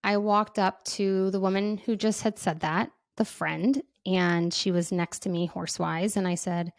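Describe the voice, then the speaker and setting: A woman's voice: mid-range voice, fairly even intonation, a little slow, creaky, no room sound. Woman host, candid storyteller, chatty delivery, dry close podcast mic. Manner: candid, chatty, lots of filler words. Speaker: podcast host and parenting coach. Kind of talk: personal storytelling monologue.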